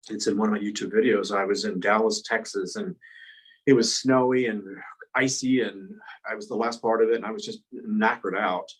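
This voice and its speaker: A man's voice: fairly low pitch, slightly rough, poor audio. A man guest speaker and author telling personal stories in an earnest, rambling way, with frequent restarts. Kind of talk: conversational storytelling.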